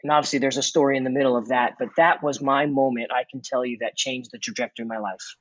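A man guest in an interview, earnestly telling a personal testimony with reflective pauses and fillers. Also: medium pitch, fairly even intonation, fairly bright tone, no room sound, low-quality recording. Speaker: former corporate executive turned mission worker.

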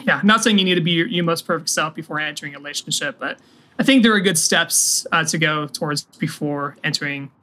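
Bright, higher-voiced man giving dating advice. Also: brisk. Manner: earnest, advice-giving, chuckly. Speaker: podcast co-host. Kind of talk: casual chat.

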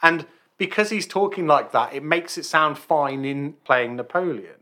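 A man with a crisp, bright tone and a slightly high voice, talking a film over casually with friends. He loops back and restarts mid-thought, full of easy conversational asides. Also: moderate pace. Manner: chatty, trailing off and restarting. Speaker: podcast co-host. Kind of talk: casual film review chat.

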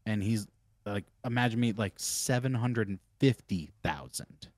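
A man co-hosting a podcast tells a loose, rambling story full of laughter in a casual storytelling chat. His voice is on the low side and a little slow, recorded in studio quality with no room sound.

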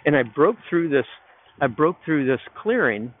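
A man's voice: a little high, very animated, moderate pace, slight background noise. A man hosting a podcast, telling a loose, rambling story in a reflective solo monologue from outdoors in a park. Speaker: podcast host. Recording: narrow phone-like sound.

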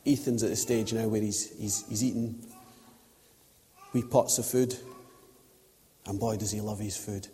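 A man preaching a sermon in a relaxed, storytelling way, acting out little quotes as he goes. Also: lowish voice, a little slow, long pauses, big-room sound, slight background noise. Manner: chatty storytelling with acted-out quotes. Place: church.

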